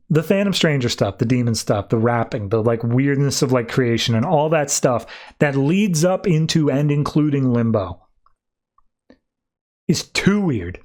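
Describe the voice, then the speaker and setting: A man on a podcast casually recapping a comic book, acting out the characters' lines in quick shifting voices. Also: on the high side. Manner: animated, acts out character quotes in shifting voices. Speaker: podcast host.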